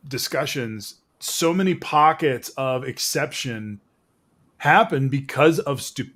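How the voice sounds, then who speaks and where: A man's voice: mid-range voice, fairly bright tone. A middle-aged man hosting a casual live panel talk. He reads viewer comments and speaks bluntly and with plenty of swearing. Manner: blunt, profane and fired up. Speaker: host.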